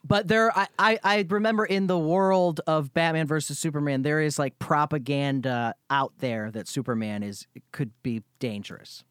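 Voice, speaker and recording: A co-host talks through movie memories in a smooth, clean voice with no room sound at all. The speech often stumbles over its first words before settling into an explanation. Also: medium pitch, fairly even intonation, normal speed, few pauses, a bit bright, no room sound, clean studio sound. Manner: stammers on starts, eager agreeing. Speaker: podcast co-host. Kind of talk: casual chat.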